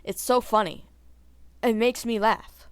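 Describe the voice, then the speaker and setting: A woman chatting in a casual vlog, animated and talkative, filling her speech with "like" and laughing at her own opinions. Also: fairly high pitch, measured pace, smooth, no room sound. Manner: chatty and animated, heavy use of "like". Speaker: vlogger.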